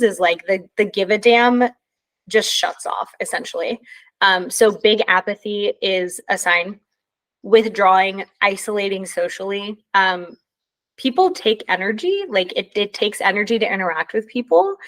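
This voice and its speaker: A woman talking at an everyday middle pitch in a loose, conversational way. She leans on many ums and likes and yawns now and then as she explains. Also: a bit bright. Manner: yawning. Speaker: presenter. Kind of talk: casual talk.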